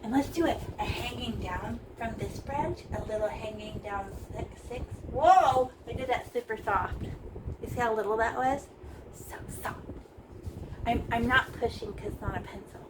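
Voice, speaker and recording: Woman teaching painting, kinda high voice, playful and chatty, noisy background w cars going by. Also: moderate pace, recorded from a distance. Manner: chatty, playful, narrates each brushstroke. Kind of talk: casual painting tutorial.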